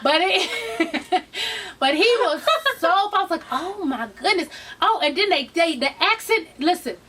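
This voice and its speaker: A woman's voice: very high voice, animated, a little slow, fairly bright tone, far from the mic. A woman casually telling a travel story, laughing often, acting out voices and swearing freely.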